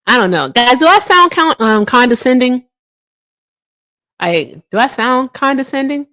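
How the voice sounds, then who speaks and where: A woman's voice: animated, measured pace, pushed and bright. Chatty woman hosting a political livestream. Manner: chatty, reads viewer comments aloud, swings into high teasing tones. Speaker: livestream host. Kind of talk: casual political livestream chat.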